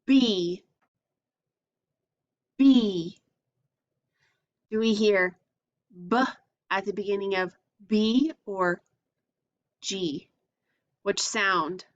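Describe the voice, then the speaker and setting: Slow, patient woman teaching phonics. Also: medium pitch, highs cut off. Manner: slow, patient, sounds out letters and asks questions. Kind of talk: phonics lesson for young children.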